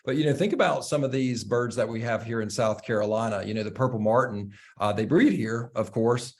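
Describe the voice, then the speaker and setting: A man hosting a casual conversation, talking haltingly with many fillers and restarts. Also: medium pitch, a little mellow.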